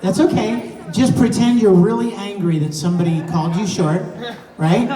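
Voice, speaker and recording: A man's voice: high voice, steady tone, normal speed. A man on a live convention Q&A panel, teasing and coaching a fan in a playful way, recorded on a phone from the audience. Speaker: voice actor answering fan questions on a convention panel. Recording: distant phone recording in an echoey hall with crowd noise.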